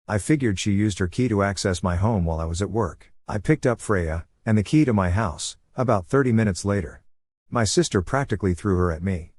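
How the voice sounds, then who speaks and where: A man narrates a first-person story in a low, steady voice. His delivery is even and measured. The sound is dry and close, with no room around it. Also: dry recording. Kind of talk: reading a Reddit story aloud.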